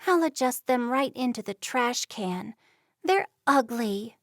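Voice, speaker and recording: A woman's voice: on the high side, lively intonation, takes it slowly, no room sound, clean studio sound, pitched above the performer's own voice. A woman voicing a reserved, stubborn young Amish woman in a storybook reading, speaking plainly. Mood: defensive.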